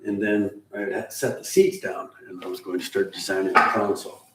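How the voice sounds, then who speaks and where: Brisk and low, with fairly even intonation, a middle-aged man chats casually with viewers on his live car-building stream. He rambles through shop-talk explanations and now and then chuckles; the audio sounds roomy and distant, with faint hiss.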